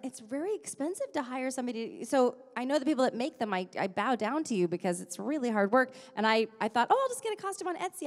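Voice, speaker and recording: Bubbly animated woman panelist. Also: a little high. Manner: bubbly, animated, jumps between asides. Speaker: voice actor panelist. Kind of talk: convention panel Q&A.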